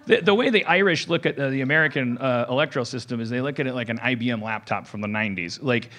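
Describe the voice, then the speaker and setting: A man hosting a podcast, talking in a rambling, animated way, restarting sentences and swearing. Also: mid-range voice, fast. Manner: rambling, restarts often, swears, acts out quotes. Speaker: podcast host. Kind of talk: rambling comedic podcast talk.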